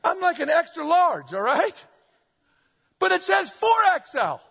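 A middle-aged man preaching a sermon, animated and full of humorous storytelling, recorded in a church hall. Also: extremely high pitch, a little slow, vocal fry. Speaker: pastor. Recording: dull echoey hall recording.

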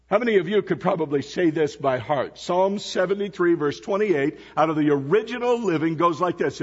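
A man's voice: on the high side, husky, big-room sound, lo-fi sound. A man preaching as a visiting pastor to a church congregation, telling stories and asking the people questions. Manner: storytelling, asks the congregation questions. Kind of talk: sermon. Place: church sanctuary.

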